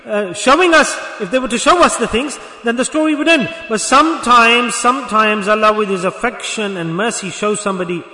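A man's voice: high-pitched, brisk, few pauses, pushed and bright. A man giving a sermon, telling a story and putting rhetorical questions to his listeners. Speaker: preacher. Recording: echoey hall.

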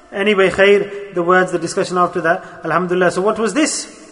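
A man's voice: high voice, steady tone, a little fast, fairly bright tone, long reverb tail. A man preaching a sermon in a mosque, earnest and exhorting, mixing Arabic and Urdu religious terms into his talk.

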